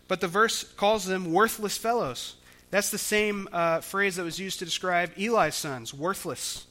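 A man's voice: high-pitched, moderate pace, pushed and bright. A man preaching a sermon, explaining scripture in a conversational way with frequent restarts. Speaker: pastor.

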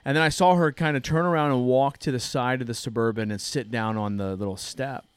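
A man's voice: mid-range voice, fairly quick, clean tone, dry recording. A man in his thirties hosting a church podcast, telling a story in a casual, earnest way. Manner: earnest storytelling, frequent restarts. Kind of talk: casual chat.

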